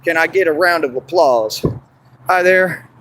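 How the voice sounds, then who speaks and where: A man chatting casually and boastfully on an outdoor livestream, laughing often and going hoarse. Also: a little high, a little slow, background noise. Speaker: street performer in costume. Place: outdoors in a park.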